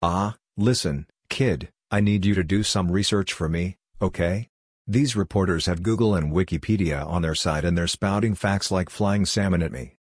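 A man's voice: deep voice, moderate pace, no room sound, studio quality. A man reading the part of a brusque, bossy middle-aged city official who barks orders impatiently. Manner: barking, impatient.

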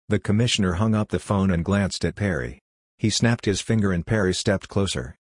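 A man narrating an audiobook story in an even, measured reading. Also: deep voice, husky, no echo, studio quality.

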